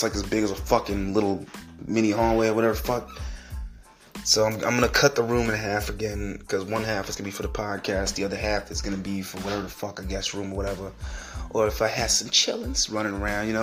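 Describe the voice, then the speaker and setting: A man's voice: on the low side, a bit bright. A man hosting a solo podcast, ranting in a profane, rambling way and repeating himself. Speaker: podcast host.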